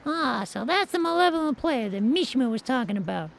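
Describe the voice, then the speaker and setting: A woman voicing a brisk, sharp young female sidekick in a video game, matter-of-fact in tone. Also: high voice, sing-song, creaky, full character voice.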